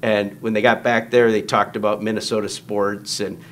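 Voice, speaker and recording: A man's voice: on the low side, little pitch movement, normal speed. A man telling a long story in casual conversation, acting out quoted lines in raised voices. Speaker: guest storyteller.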